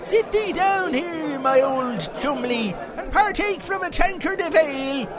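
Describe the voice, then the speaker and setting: A man's voice: very high-pitched, expressive, unhurried, music in the background. A man with an Irish accent voicing a boisterous old pub storyteller who declaims in mock-medieval style, with a pub crowd behind. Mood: hammy grandiose. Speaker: pub storyteller segment regular. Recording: noisy crowded pub background.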